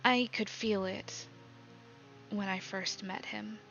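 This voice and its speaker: A woman voicing a gentle, worried female warlock patron in a whispered role-play, hushed and halting. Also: medium pitch, steady tone, muffled recording, soft background music. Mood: troubled. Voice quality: hushed, soft-spoken with halting pauses.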